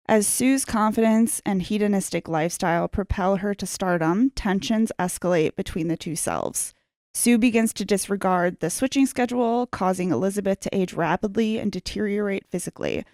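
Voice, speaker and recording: A woman's voice: mid-range voice, a little mellow, no room sound, studio quality. A woman co-hosting a casual podcast, laughing often and swearing, reading out a plot summary. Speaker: podcast co-host.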